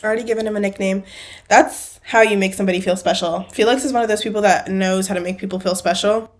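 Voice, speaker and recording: A woman's voice: mid-range voice, steady tone, fast talker. A woman hosting a casual movie reaction, chatty and full of fillers, laughing often. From not British.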